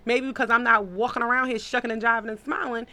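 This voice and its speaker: A woman hosts a podcast, reading listener comments in a casual, blunt way, cursing and laughing often. Her voice sits a little high with a steady tone, moving at a quick pace and sounding pushed and bright.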